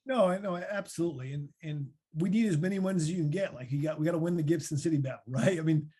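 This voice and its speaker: A man in his thirties with a Midwestern American accent, answering podcast questions as a former linebacker in a chatty, animated way. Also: on the high side, quick pace, breathy edge. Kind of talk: casual podcast Q&A.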